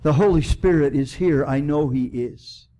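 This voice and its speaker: A man preaching a sermon in church as pastor, swinging from loud emphatic preaching to soft, prayerful appeals. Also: on the high side, moderate pace.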